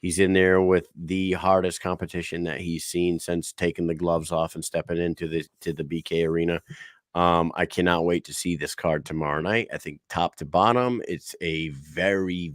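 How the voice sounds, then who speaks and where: A man's voice: low voice, steady tone, normal speed, no echo, studio quality. A man co-hosting a sports podcast, telling rambling, profane stories and correcting himself as he goes. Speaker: podcast co-host. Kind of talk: casual sports podcast chat.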